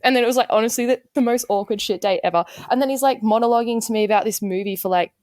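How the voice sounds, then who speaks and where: A woman's voice: on the high side, racing, no room sound, clean studio sound. A young woman with an Australian accent, a podcast guest telling a story with animation and acting out the quotes. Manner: animated storyteller, acts out quotes, laughs often. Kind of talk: casual chat.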